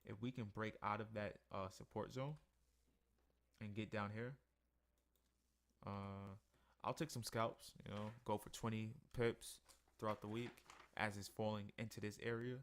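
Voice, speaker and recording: A sleepy man with a gravelly, somewhat low voice walks through his trading charts in a loose, conversational way. He sounds worn out after a long day. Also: unhurried, slight background noise. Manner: tired, yawning, relaxed and conversational. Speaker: forex trading analyst. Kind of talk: casual screen-share market review.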